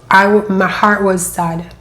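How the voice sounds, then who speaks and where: A woman telling her own life story, emotional and halting, often repeating her phrases. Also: medium pitch, a bit bright. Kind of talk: personal storytelling.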